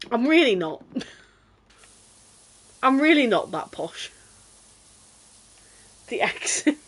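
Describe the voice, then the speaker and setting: A young British woman chatting casually while streaming a game, self-deprecating and quick to giggle and exclaim. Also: medium pitch, a bit bright, poor audio. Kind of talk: casual gameplay chat.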